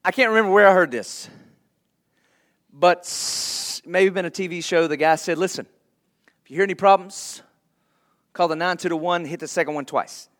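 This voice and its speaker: A man's voice: high voice, normal speed, pauses often, a bit bright. A man preaching a sermon to his church in a conversational way, laughing lightly now and then. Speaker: pastor.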